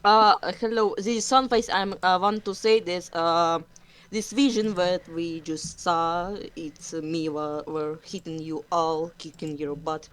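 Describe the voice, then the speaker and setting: A woman voicing a smooth-talking, manipulative male warrior cat in a tabletop game, coaxing and hushing in a falsely sweet way. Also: on the low side, steady tone, a little slow, close to an everyday voice. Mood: apologetic.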